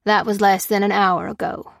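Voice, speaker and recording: A man's voice: sits high, flat delivery, moderate pace, vocal fry, no echo, clean studio sound. A woman voicing a bitter, gossipy male field medic who talks in a sly, folksy way. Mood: grave.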